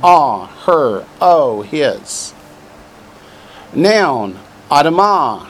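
The recording carries a faint hiss or hum as a Hebrew teacher leads a classroom lesson from a textbook. His mid-range voice is slow with lively intonation, and he mixes vocabulary drills with dry humor.

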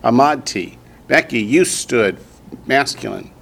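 A man with a Southern US accent teaching a language class in a classroom, drilling students slowly and patiently. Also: medium pitch, a little hiss or hum. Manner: slow, patient drilling with repetition. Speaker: Hebrew teacher.

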